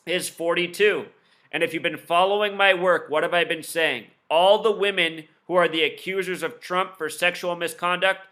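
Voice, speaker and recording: A man explaining his theories in a solo video, rattling off numbers quickly and insistently, with scornful asides. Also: a little high, bright, forceful tone. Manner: rapid-fire, insistent, admits talking too fast; lists numbers and codes in rapid bursts. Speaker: video commentator.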